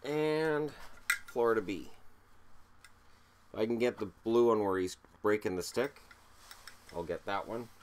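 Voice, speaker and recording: A man's voice: fairly low pitch, expressive, moderate pace, darkish tone, a little hiss or hum. A man with a cold, hosting a casual show-and-tell vlog, joking and mocking himself as he counts items aloud. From Canada. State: has a cold. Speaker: hockey video host.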